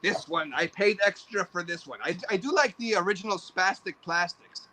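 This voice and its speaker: A man talking as a guest on a casual podcast, animated and goofy, breaking into silly voices and mock outbursts. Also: high voice, normal speed, a little hiss or hum, low-quality recording.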